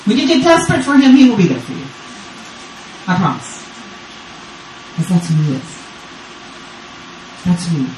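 A woman's voice: lowish voice, wildly swooping pitch, moderate pace, pauses often, a little mellow, far from the mic, a little hiss or hum. A woman in her fifties from Texas, a grandmother, preaching a sermon as guest speaker with urgent, repetitive call-and-response. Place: church service. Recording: roomy church sound from off-mic.

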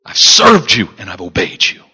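A grown older brother sulks and sneers with self-pity, as a preacher puts him on. The voice drops low and sounds a bit husky. It carries a long echo from the hall around it. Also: male voice, wildly swooping pitch, normal speed, pushed and bright, full character voice. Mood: resentful. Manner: whiny, sarcastic, self-pitying. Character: sulky resentful older brother, grown man.

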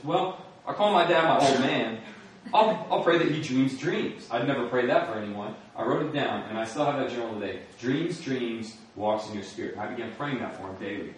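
A man's voice: medium pitch, fairly quick, slight background noise. A young man giving an earnest testimony sermon, telling his story and acting out his prayers with laughs. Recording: echoey hall from far off.

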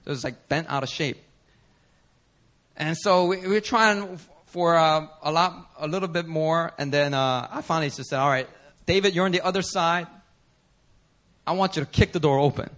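A man preaching a sermon as pastor, telling a story animatedly with laughter and sudden shouts. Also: on the high side, moderate pace. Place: church service.

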